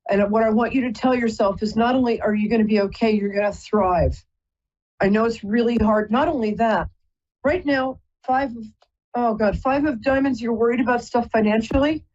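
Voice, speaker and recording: Husky woman giving a chatty psychic reading. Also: fairly high pitch, normal speed, darkish tone, highs cut off. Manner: chatty, rambling, often apologizing. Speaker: psychic reader and host. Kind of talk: live call-in psychic reading.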